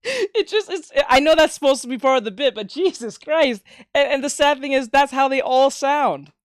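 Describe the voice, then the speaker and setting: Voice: high voice, lively intonation, normal speed, no room sound. Art streamer, casual chat while drawing, rambling, profane, dry close mic. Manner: rambling and profane, with many restarts.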